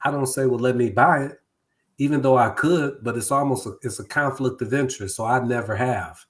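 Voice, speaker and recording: A middle-aged man with an ordinary mid-range voice talks through business on a call-in show. His delivery is relaxed and conversational, with restarts and repeated words. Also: medium pitch, fairly quick. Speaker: guest real estate broker. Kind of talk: casual talk-show chat.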